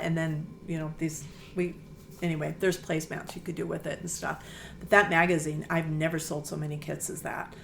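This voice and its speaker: A middle-aged quilt shop owner chats enthusiastically as a guest in a casual interview, telling stories full of fillers. Her voice is deep and creaky, with slight background noise.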